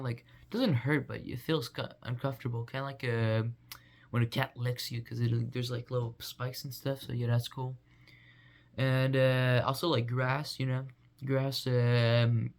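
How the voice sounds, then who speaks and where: Rambling goofy young man. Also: medium pitch. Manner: rambling, filler-heavy, goofy. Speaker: vlogger. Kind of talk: rambling casual monologue.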